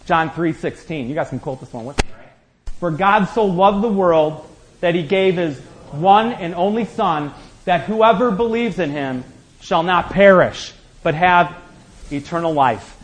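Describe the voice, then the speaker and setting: A man's voice: sits high, lively intonation, normal speed, a little hiss or hum, rough recording. A man preaching a sermon as pastor, building up with rhetorical questions and acting out quotes.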